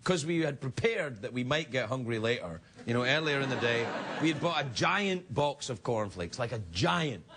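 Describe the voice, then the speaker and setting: A man's voice: medium pitch, expressive, normal speed. A man in his thirties telling a comic anecdote, laughing often through his words. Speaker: storyteller. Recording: noisy recording.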